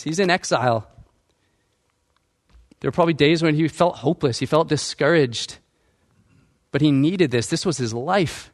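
A man's voice: on the high side, moderate pace, pauses often. A male pastor preaching a sermon, asking the congregation questions and acting out quoted lines.

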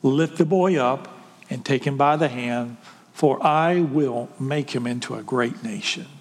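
A man's voice: mid-range voice, measured pace, big-room sound, pitched below the performer's own voice, lightly acted. A man voicing an angel who speaks in firm, reassuring declarations. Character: calm, commanding male angel messenger.

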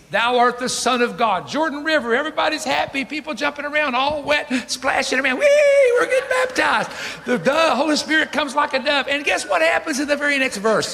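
A man preaching a lively sermon to a congregation, laughing between points and slowing right down to read scripture. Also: extremely high pitch. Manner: animated, laughing asides, dramatic slow reading of scripture. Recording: long hall reverb.

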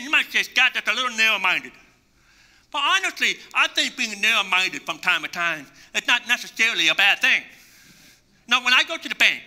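Preaching as a pastor, this man has a high voice that sounds pushed and bright. His sermon is emphatic and repetitive, leaning on repeated phrases, and he acts out imagined conversations to illustrate his point.

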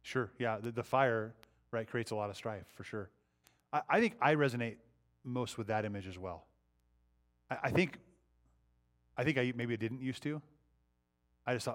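A man's voice: mid-range voice, moderate pace, pauses often, fairly bright tone. Conversational man leading a Bible study. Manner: conversational, poses questions to the group. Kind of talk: interactive Bible teaching.

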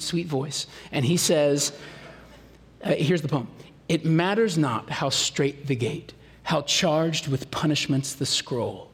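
A man preaching a sermon in a conversational style, full of rhetorical questions and animated asides. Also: high voice, breathy edge, long reverb tail. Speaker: pastor.

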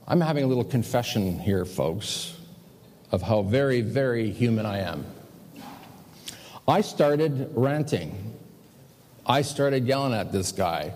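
A pastor telling a personal story in a sermon, animated and self-mocking as he confesses his own failings. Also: mid-range voice, measured pace. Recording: long hall reverb.

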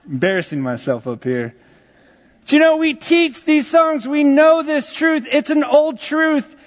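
A young man preaching a sermon as pastor, swinging from quiet asides to loud, emphatic lines. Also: high voice. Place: church sanctuary. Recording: dull sound, long hall reverb.

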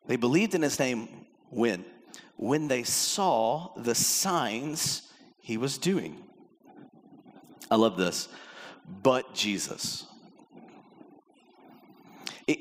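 A man's voice: fairly high pitch, a bit bright. A man preaching a sermon as pastor, acting out the voices in the passages he quotes. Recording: long hall reverb.

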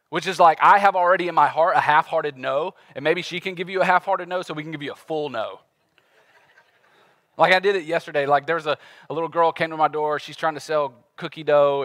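A man in his thirties preaching a conversational sermon as a pastor, animated and acting out everyday voices. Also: a little high. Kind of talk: casual sermon.

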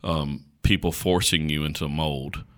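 A man from rural North Carolina, a pastor talking on a podcast in a slow country drawl and checking in with "right?". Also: rumbling low, fairly even intonation. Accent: rural North Carolina Southern. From North Carolina, USA. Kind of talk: casual podcast chat.

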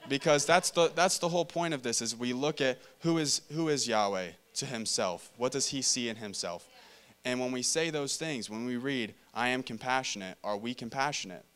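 This male preacher has a clean, fairly bright, mid-range voice and speaks at normal speed. He delivers a casual sermon in a church meeting room, reading scripture aloud, talking it through in a conversational way, and frequently repeating or restarting phrases.

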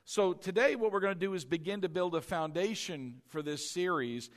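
A man's voice: sits high, moderate pace. A man preaching a sermon, often asking "all right?" and having the congregation repeat key words after him. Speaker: pastor.

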